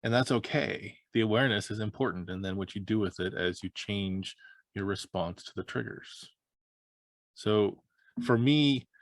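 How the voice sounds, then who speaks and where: A life coach hosts a podcast, calmly explaining ideas in a measured, reassuring way. His voice sits fairly low. The recording is dry and close. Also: no room sound.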